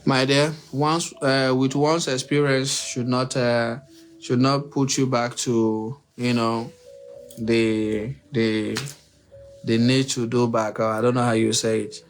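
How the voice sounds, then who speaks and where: A man's voice: mid-range voice, level tone, takes it slowly, faint music behind. Preachy man lecturing his livestream audience. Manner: preachy, repetitive, uses rhetorical questions; addresses listeners directly and emphatically. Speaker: livestream relationship advice host. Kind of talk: unscripted livestream monologue.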